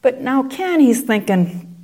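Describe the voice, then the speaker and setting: A woman's voice: high voice, very animated, takes it slowly, warm tone. A woman telling a story in a conversational way, with digressive asides. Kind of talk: oral storytelling.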